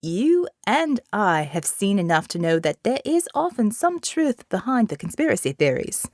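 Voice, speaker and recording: A woman voicing a wry, easygoing man, an action-hero partner in an audiobook, speaking slowly. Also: medium pitch, very animated, a little mellow, no room sound, clean studio sound. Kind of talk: audiobook character voice.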